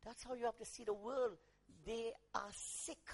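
A man preaching a sermon, dropping to quiet asides, rising to shouted emphasis, and acting out quoted voices. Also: very high voice, fairly even intonation, unhurried.

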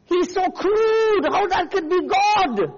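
A man's voice: very high voice, expressive, slow pace, long reverb tail, dull audio, a crowd in the background, pitched above the performer's own voice, exaggerated voice. A man voicing scornful churchgoers who mock a crude preacher, in a whiny, incredulous tone. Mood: scoffing.

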